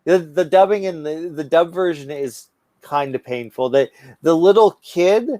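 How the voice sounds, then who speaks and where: A man with a slightly high voice rambles through a casual podcast chat, swearing freely and tripping over restarts. He sounds stoned and scattered. The sound is dry and close. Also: moderate pace, warm tone, dry recording. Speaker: podcast co-host.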